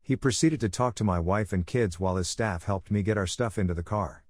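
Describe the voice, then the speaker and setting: A man reads a personal story aloud in an even, unhurried way. His voice sits a little low, and the sound is dry and close with no room around it. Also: dry recording. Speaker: narrator. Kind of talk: reading a story.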